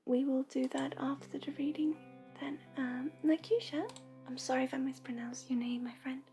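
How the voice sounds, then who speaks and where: A woman hosting a livestream of intuitive readings and healing, speaking softly and gently, often half in a whisper. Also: high voice, fairly even intonation, moderate pace, soft background music. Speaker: intuitive reader and healer.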